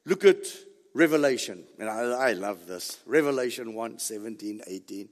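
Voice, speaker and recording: A man preaching a sermon, emphatic and repetitive, building to near shouts. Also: mid-range voice, animated, moderate pace. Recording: long hall reverb.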